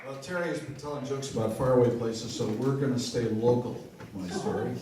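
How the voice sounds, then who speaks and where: A man's voice: mid-range voice, brisk. A man, a guest comedian, telling a story joke to a live audience and acting out the characters' voices. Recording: echoey live room from far off with faint noise.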